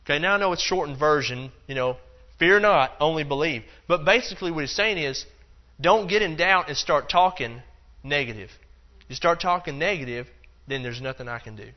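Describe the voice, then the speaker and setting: A man's voice: fairly high pitch, expressive, fairly quick, hardly any pauses, muffled recording. A man teaching a Bible lesson in a loose, conversational way, acting out the quotes and dropping in plenty of fillers. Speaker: preacher.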